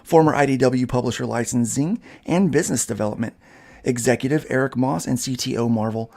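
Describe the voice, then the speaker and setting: A man's voice: mid-range voice, fairly quick, creaky, darkish tone. A man hosting a casual podcast, reading an article aloud and breaking in with his own asides. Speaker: podcast host.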